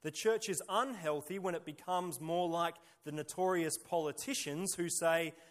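A man preaching a sermon emphatically, piling up rhetorical questions and repeated phrases and moving between loud bursts and quiet, dropped endings. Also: on the high side, moderate pace.

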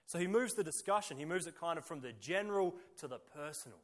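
A man preaching a sermon emphatically, piling up rhetorical questions and repeated phrases and moving between loud bursts and quiet, dropped endings. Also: a little high, expressive, quick pace.

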